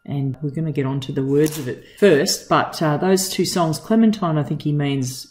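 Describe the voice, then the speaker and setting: An English teacher reading a novel aloud and explaining it in an unhurried way, with fillers like "uh" and "um". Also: mid-range voice, reverberant. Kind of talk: reading and literary analysis lesson.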